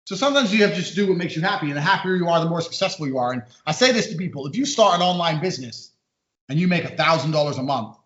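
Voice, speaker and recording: A man speaking as a podcast guest in casual conversation, a rapid storyteller who acts out the voices in his anecdotes. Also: fairly high pitch, lively intonation, fairly bright tone. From American-British. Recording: echoey, slightly muffled audio.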